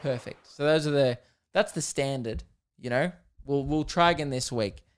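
An Australian man talks through his solo podcast in a loose, rambling, jokey way, full of fillers. His voice is smooth and clear, sitting at an ordinary middle pitch. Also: normal speed, faint music behind. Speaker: podcast host. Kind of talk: casual solo podcast chat.

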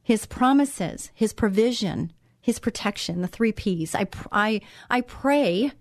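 A woman's voice: mid-range voice, lively intonation, a little slow, no echo, studio quality. Encouraging woman hosting a devotional show. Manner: encouraging, conversational, repeats phrases for emphasis. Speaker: host of a Christian talk show. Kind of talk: devotional talk show monologue.

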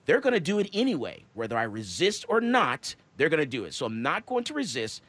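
A man's voice: fairly high pitch, wildly swooping pitch, a little fast, fairly bright tone, dry recording. A man hosting a radio talk show, lecturing his listeners in an emphatic, preachy monologue.

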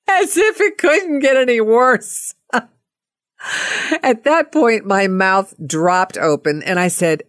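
Animated middle-aged woman telling stories. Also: fairly high pitch, slow pace, long pauses, dry recording, clean studio sound. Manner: animated, playful storytelling. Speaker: storyteller. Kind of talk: personal anecdote monologue.

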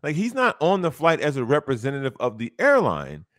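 A sports radio co-host with an average-pitched voice and lively intonation. He talks bluntly and dismissively, and the studio sound is dry and close. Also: brisk, no echo. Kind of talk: casual sports talk.

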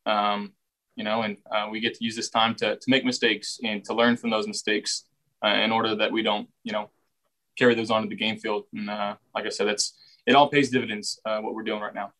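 A young football quarterback answers reporters at a press session, speaking in a fairly low, even, flat tone with little rise or fall. He's brisk and relaxed, often restarting phrases and repeating words as he finds his wording, and the recording is rough.

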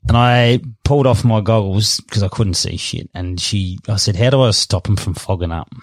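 A man's voice: fairly low pitch, moderate pace, no echo. An Australian man telling a rambling, self-mocking story in casual conversation, often laughing at himself. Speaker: interview guest.

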